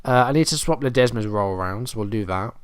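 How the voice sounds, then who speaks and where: A man's voice: lowish voice, quick pace, clean tone, no echo, studio quality. A man casually commenting on his own football management game, muttering play-by-play and growing exasperated as his team struggles. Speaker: gaming commentator.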